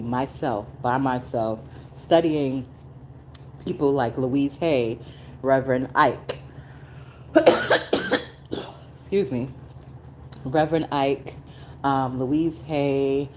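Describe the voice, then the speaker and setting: A middle-aged woman hosting a casual solo podcast, talking emphatically and swinging from low asides to high exclamations. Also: takes it slowly, pauses often, a little mellow, slight background noise, rough recording. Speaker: podcast host.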